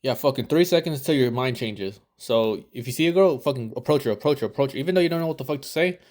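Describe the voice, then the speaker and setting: A man talking over a video as a dating coach, loose and rambling, with plenty of swearing. He keeps slipping into the lines he would say himself. His pitch sits in an ordinary middle range. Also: lively intonation, fast, a little mellow. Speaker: dating coach reviewing footage. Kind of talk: casual reaction commentary.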